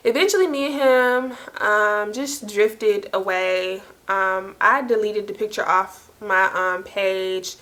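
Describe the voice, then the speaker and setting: A young woman vlogger telling a story in casual, slangy speech, lively and quick to laugh. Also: mid-range voice. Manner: animated, slangy, laughing as she tells it.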